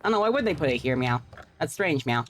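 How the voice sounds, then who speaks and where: A woman's voice: low-pitched, very animated, quick pace, a little hiss or hum. A woman streamer giving playful, profane live gameplay commentary, tacking "meow" onto her sentences. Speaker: game streamer.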